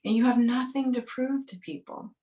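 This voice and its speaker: A woman physician talking candidly in a podcast interview, lively and full of fillers, acting out the voices of people she quotes. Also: a little high, normal speed. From grew up on a farm. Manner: animated, acts out quoted voices, frequent fillers. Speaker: naturopathic physician guest.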